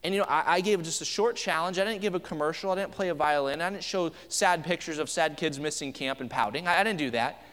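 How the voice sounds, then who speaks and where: Higher-voiced man preaching in a reverberant church. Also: quick pace, hardly any pauses, fairly bright tone. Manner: conversational preaching with anecdotes and frequent restarts. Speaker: pastor. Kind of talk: sermon. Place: church sanctuary.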